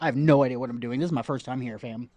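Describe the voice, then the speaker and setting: A man's voice: medium pitch, steady tone, rapid-fire, warm tone. A man streaming a game from home, chatting casually and rambling to his chat, repeating himself as he goes.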